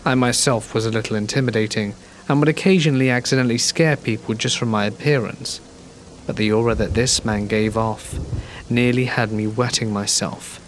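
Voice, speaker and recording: A man narrating a horror story in a calm, measured, scripted reading. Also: medium pitch, slight background noise. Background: gentle rain.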